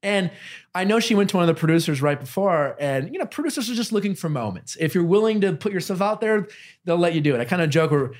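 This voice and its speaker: A man's voice: high-pitched, lively intonation, quick pace. A young man hosting a podcast, telling a story in casual chat with lots of fillers and restarts. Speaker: podcast host.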